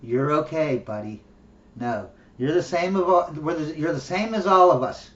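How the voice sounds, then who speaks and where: A man's voice: on the high side, lively intonation, moderate pace, close to an everyday voice. A man mimicking a patronizing, politically correct man in a mock-soothing, condescending tone. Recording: roomy, distant, dull lo-fi audio.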